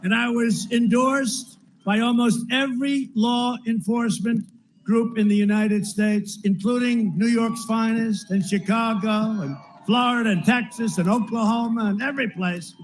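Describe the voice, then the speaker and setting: Male politician at a rally, higher voice than most men, talks in loose repetitive riffs and turns to the crowd often. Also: fairly even intonation, moderate pace, slight background noise, rough recording. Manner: rambling, repetitive, with asides to the crowd. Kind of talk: campaign rally speech. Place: large rally venue.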